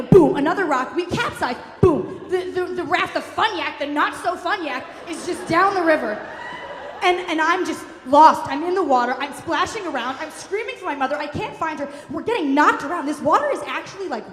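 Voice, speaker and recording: A woman telling a funny autobiographical story live on stage, animated and rambling, with lots of fillers. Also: sits high, fairly quick. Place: stage in a hall, live audience event. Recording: roomy hall reverb, faint ambience.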